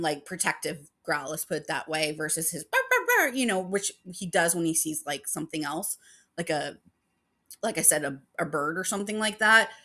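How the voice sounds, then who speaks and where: A woman's voice: on the low side, pushed and bright. A woman hosting a paranormal channel, chatting casually and rambling with many fillers, emotional about her dog. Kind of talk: casual chat.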